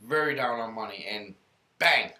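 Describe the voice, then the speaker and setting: A man's voice: on the low side, moderate pace, pushed and bright, slight background noise. A man hosting a casual faith podcast, telling stories in an earnest, rambling way. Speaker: podcast host. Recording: roomy room echo.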